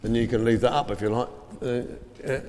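A man's voice: medium pitch, steady tone, a little fast, darkish tone, slight background noise. Man, school assembly speaker: informal and rambling, reads from scripture; long hall reverb. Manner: chatty and rambling, with many fillers and restarts. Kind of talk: informal assembly talk with Bible reading.

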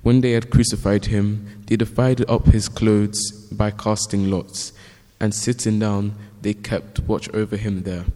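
A man reading a Bible passage aloud, steady with small slips. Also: on the low side, measured pace. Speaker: scripture reader. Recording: long hall reverb.

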